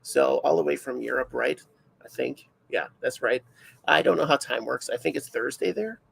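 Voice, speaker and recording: A man's voice: mid-range voice, lively intonation, normal speed, vocal fry, husky, poor audio. A man hosting a casual livestream chat, rambling and self-deprecating, full of fillers. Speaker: livestream host.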